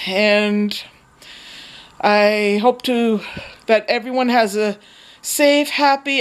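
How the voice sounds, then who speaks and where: A woman's voice: a little high, smooth. A woman in a casual show-and-tell vlog, chatty and enthusiastic, rambling with restarts as she shows her work. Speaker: vlogger.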